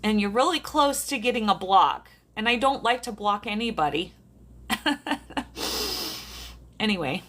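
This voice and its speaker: A medium from South Dakota hosts a laid-back livestream from her bedroom, her medium-pitched voice sounding pushed and bright. She laughs frequently as she chats with viewers, filmed on a phone or camera set on a tripod.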